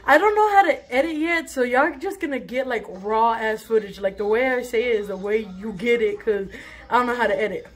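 A woman's voice: fairly high pitch, brisk. A young woman telling a story in a casual vlog, chatty and rambling with lots of swearing, filmed on her phone at home. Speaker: vlogger. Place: bathroom at home. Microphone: phone camera.

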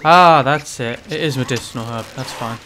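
A man commentating his own gameplay, ranting and swearing with sudden shouted outbursts. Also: medium pitch, moderate pace, noisy background. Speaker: gaming channel host. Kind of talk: let's play commentary.

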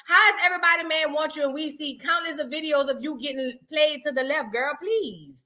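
A woman hosting a reaction video, teasing and animated, repeating lines for comic effect in casual commentary. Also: sits high, fairly quick.

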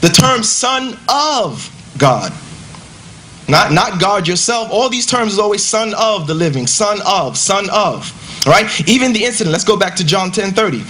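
A man stands up to rebut his opponent, talking in an emphatic, conversational way and firing off rhetorical questions. His voice sits high for a man. A faint noise runs underneath. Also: fairly bright tone. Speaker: debater. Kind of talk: debate rebuttal.

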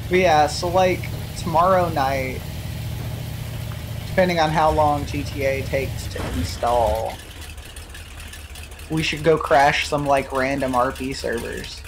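A man's voice: on the high side, steady tone, takes it slowly, long pauses, noisy background. A young man chatting casually and profanely with a friend while playing a game, laid-back and joking. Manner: profane, laid-back banter with frequent laughs. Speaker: gamer streaming co-op play. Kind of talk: casual gameplay chat.

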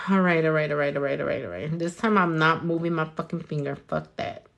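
A low-pitched, gravelly but fairly bright voice moves at a brisk clip. It belongs to a young nail artist vlogging as she does her nails, chatty and profane, talking to herself and her hands while dropping in Spanish.

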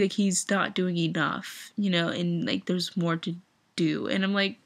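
A woman's voice: lowish voice, steady tone, measured pace. A young woman in an emotional vlog rant, upset and teary, talking with lots of "like". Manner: upset, filler-heavy with frequent "like". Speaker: fan vlogger.

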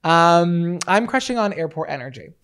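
A man's voice: fairly high pitch, lively intonation, normal speed, fairly bright tone, smooth. Giggly, rambling young male podcast co-host. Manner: playful and giggly, rambling with many fillers. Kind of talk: casual chat.

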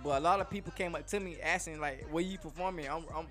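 A man's voice: on the high side, quick pace, over music. A man, a rapper being interviewed, talking casually and rambling as he stumbles over and repeats his words. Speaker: rapper guest.

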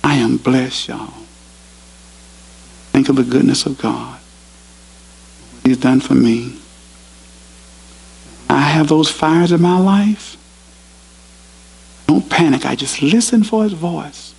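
A pastor giving a sermon in a university chapel, earnest and storytelling. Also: male voice, fairly high pitch, slow pace, gravelly, long pauses, a little mellow, slightly rough, poor audio.

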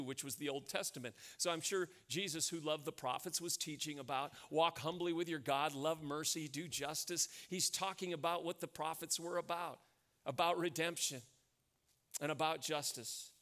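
Emphatic American pastor preaching a sermon. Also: male voice, fairly high pitch, normal speed, bright, forceful tone. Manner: storytelling, emphatic, repeats key phrases.

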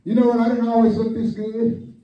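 A male pastor preaching a lively storytelling sermon, calling on the congregation and acting out quotes. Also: very high-pitched, brisk. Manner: animated, calls on the congregation, acts out quotes. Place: church hall, echoey. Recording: echoey church hall from far off, muffled.

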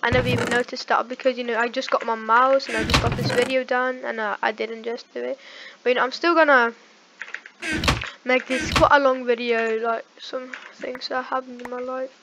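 A woman giving casual gameplay commentary as a gaming YouTuber on a headset mic, talking in excitable bursts with sudden outbursts and restarts. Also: on the high side, normal speed. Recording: noisy headset mic with clicks and typing.

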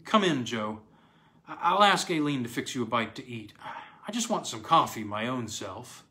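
Male reader plays a weary dad, halting and stammering, near his own voice. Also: medium pitch, very animated, sharp tone. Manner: tired, halting, stammering speech. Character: weary grown father, stammering.

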